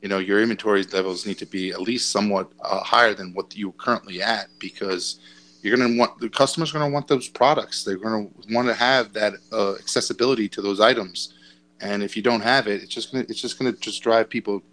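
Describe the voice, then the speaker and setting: Low-voiced man riffing on a podcast panel. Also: fairly even intonation, brisk, a bit bright, low-quality recording. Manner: repeats words while finding his point. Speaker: podcast co-host. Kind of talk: casual panel chat.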